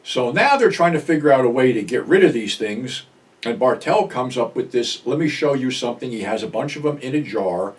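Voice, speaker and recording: A man's voice: mid-range voice, distant mic. An older American man hosting a show, casually and bluntly recapping a film's plot with some swearing. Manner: blunt, profane storyteller. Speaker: film review host.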